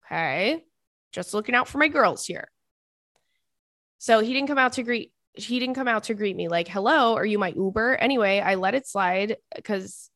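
A woman podcast host reading a listener's email aloud in casual chat, expressive and dramatic with exasperated asides. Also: medium pitch, no room sound, clean studio sound.

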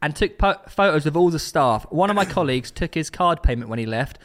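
A man's voice: fairly high pitch, expressive, fairly quick, fairly bright tone. A man co-hosting a casual football podcast, reading out listener stories and running a quiz. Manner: reads listener stories and runs a quiz, laughing often. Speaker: podcast co-host.

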